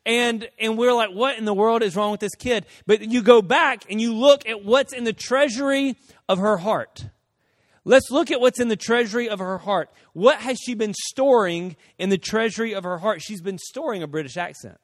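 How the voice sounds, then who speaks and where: A man preaching a sermon as pastor, animated, acting out voices of people and shouting some quotes. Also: sits high, moderate pace, no room sound, clean studio sound.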